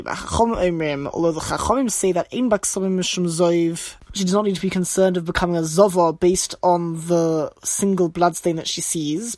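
Measured man teaching a text line by line. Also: high voice, no room sound. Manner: measured, explanatory, quotes a phrase then paraphrases it. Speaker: Torah teacher. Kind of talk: text-study lesson, reading and translating line by line.

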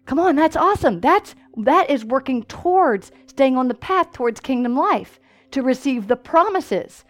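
A woman preaching a sermon in a church, telling stories with lively call-and-response asides. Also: on the high side, moderate pace.

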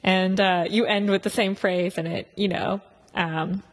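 A woman's voice: mid-range voice, fairly even intonation, unhurried. A woman hosting a podcast, chatting casually and enthusiastically, full of praise and fillers. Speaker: podcast host. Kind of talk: casual interview chat.

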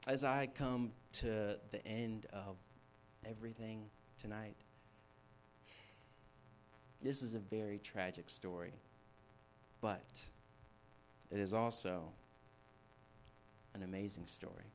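A young man preaching a sermon, telling a story with animated shifts from hushed to loud. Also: lowish voice, slow, pauses often, slight background noise. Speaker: campus ministry preacher.

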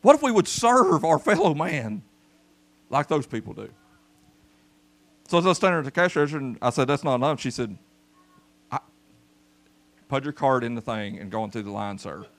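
Folksy pastor, gravelly voice. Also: male voice, medium pitch, moderate pace, pauses often. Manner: folksy, animated, calls out to the congregation. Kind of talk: storytelling sermon. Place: church service.

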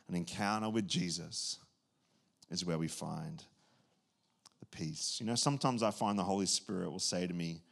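A man preaching a sermon as pastor, talking in an animated, excitable way with quick restarts and chatty asides. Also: low voice, gravelly.

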